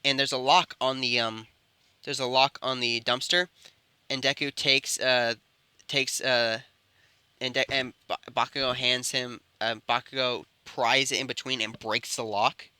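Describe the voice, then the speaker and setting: A man improvising a story out loud, rambling and correcting himself mid-sentence. His voice is very bright and crisp. It is recorded close with a dry sound. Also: medium pitch, dry recording. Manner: rambling, with frequent self-corrections. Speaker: storyteller and channel host. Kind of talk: improvised fan-fiction storytelling.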